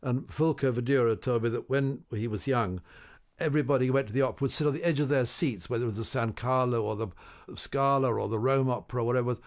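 A man's voice: mid-range voice, quick pace. An older man, a radio interview guest, telling wry stories in an anecdotal way with hesitant restarts.

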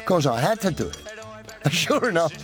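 A man in an archive interview, telling a lively anecdote and putting on voices for the other people in it. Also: on the high side, normal speed, music in the background.

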